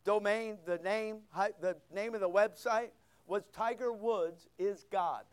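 A man's voice: high voice, a little slow, clean tone. A man preaching a sermon as pastor, reading scripture aloud and asking the listeners questions in a conversational way.

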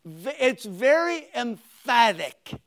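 An older man preaching a sermon, swinging between loud emphatic points and quiet conversational asides. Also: extremely high pitch, sing-song, slow pace. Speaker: pastor.

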